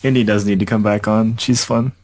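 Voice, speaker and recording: A man's voice: on the low side, steady tone, brisk, darkish tone, dry recording. A man in his early twenties, a podcast guest, chatting in a dry, sarcastic, indifferent way. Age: 20s. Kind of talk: casual gaming podcast chat.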